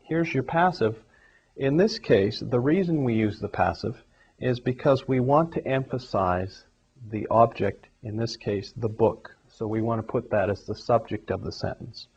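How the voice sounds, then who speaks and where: Husky-voiced man teaching grammar. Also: medium pitch, unhurried. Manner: explanatory, steady classroom delivery. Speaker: English teacher. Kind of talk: grammar lesson. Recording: dull lo-fi recording.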